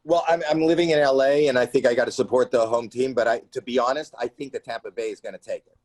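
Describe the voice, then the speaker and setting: A comedian guest in an interview, telling stories in an animated way and acting out the people in them with sudden shrill cries. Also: male voice, fast, dry recording. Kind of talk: animated storytelling in a casual interview. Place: home.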